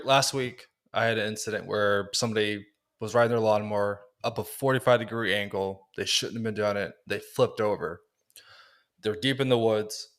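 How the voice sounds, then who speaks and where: A man co-hosting a podcast, an easygoing father chatting casually and pausing to search for words. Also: lowish voice, fairly bright tone. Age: adult parent. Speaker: podcast co-host. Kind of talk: casual chat.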